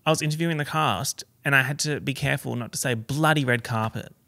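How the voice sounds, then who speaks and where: An Australian man hosting a solo podcast, chatting in a camp, sassy, expressive way with big swings in pitch. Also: fast talker, gravelly, dry recording. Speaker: podcast host. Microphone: podcast microphone.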